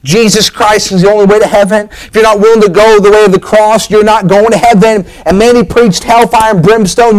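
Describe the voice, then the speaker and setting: A man's voice: high-pitched, steady tone, fairly quick, few pauses, low-quality recording. A man preaching a sermon, telling a story with an emphatic, rising and falling preaching cadence.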